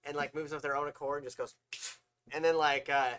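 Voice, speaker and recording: A man co-hosting a casual podcast, telling long, animated stories, acting out voices and swearing often. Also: a little high, fairly quick, clean tone. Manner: rambling, animated storytelling that acts out voices, with frequent swearing. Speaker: podcast co-host.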